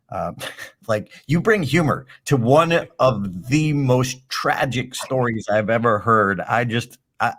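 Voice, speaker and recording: A man's voice: fairly low pitch, a bit bright. A middle-aged man hosting a podcast, asking his guest questions in an enthusiastic, rambling way and often restarting his sentences. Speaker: podcast co-host. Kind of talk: casual interview chat.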